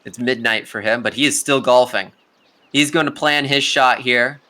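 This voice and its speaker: A man's voice: medium pitch, moderate pace, bright, forceful tone. A young man giving casual live play-by-play commentary on a video game golf tournament, chatty and talking straight to the players.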